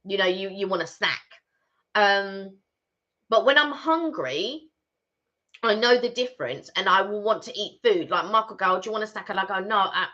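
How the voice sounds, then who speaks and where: Bright-voiced chatty woman. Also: mid-range voice. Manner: chatty, animated, rambling with restarts. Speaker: co-host of a live stream. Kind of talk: casual live-stream chat. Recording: dull lo-fi stream audio.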